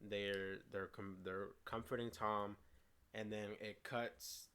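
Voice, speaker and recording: A man's voice: fairly low pitch, flat delivery, slow, bright, forceful tone, smooth. A man co-hosting a casual movie review, eagerly retelling scenes and stumbling over his words. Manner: frequent restarts and stumbles. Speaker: co-host of a movie review show.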